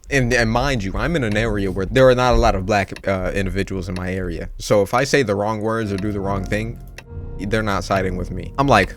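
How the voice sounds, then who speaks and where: A young man telling a story in casual slang while playing a game, animated and swearing freely. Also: lowish voice, fairly quick. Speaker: gaming youtuber. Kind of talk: casual storytelling over gameplay. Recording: game music in background.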